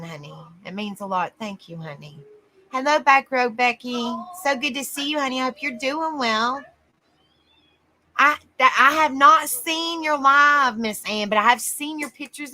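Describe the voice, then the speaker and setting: Bright-voiced woman greeting her livestream chat. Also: sits high, unhurried. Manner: warm greetings to chat viewers, calling them honey. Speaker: livestream host.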